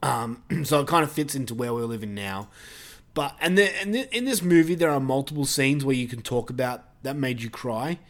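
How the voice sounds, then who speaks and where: A man's voice: medium pitch, expressive, brisk. Male podcast host, casual movie recap, rambling delivery. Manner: rambling, full of fillers and restarts. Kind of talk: casual movie review chat.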